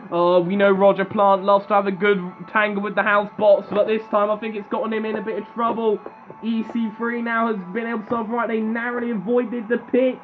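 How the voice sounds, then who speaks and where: A young man doing excitable play-by-play commentary on a robot combat match, animated and chatty. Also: high voice, phone-quality sound.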